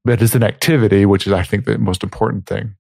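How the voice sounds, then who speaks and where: Lowish male voice, dry close mic. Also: fairly even intonation, fast talker, gravelly, darkish tone, no room sound. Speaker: podcast co-host. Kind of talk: casual philosophy discussion.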